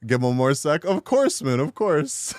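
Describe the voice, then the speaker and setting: A man's voice: mid-range voice, unhurried, clear, resonant tone, no echo, studio quality. A man live-streaming and chatting casually with his viewers, making crude jokes and laughing often.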